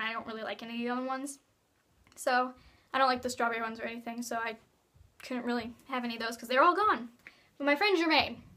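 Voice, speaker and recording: Teen girl vlogger, high bright voice, giggly rambling chat. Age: teens. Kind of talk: casual vlog chat.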